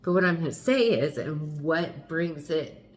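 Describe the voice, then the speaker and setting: A woman's voice: low-pitched, expressive, a little slow, soft background music. A middle-aged woman speaking candidly to the camera as a mother, frank and confessional, with wry asides and the odd mild curse. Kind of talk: candid personal vlog.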